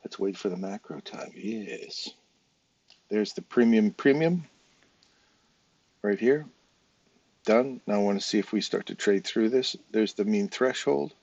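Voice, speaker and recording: A man's voice: lowish voice, expressive, measured pace, creaky, long pauses, a little mellow, breathy edge, no room sound, dull audio. An English man with a casual, chatty manner, talking viewers through a trading chart live, step by step. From England. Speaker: trading educator.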